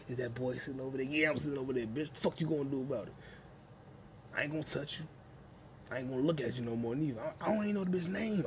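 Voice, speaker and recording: A man's voice: a little high, background noise. Man ranting profanely in his kitchen. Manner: profane, rambling, laughing at own jokes. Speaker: podcast host. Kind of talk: crude solo podcast rant. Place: home kitchen.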